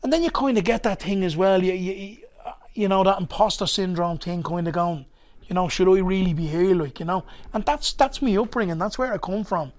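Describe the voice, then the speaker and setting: A man's voice: sits high, expressive, fairly quick. A man with a Dublin accent, a comedian telling stories as a podcast guest in a loose, rambling way. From Ballymun, Dublin, Ireland. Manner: rambling, loose, with many asides. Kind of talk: conversational storytelling.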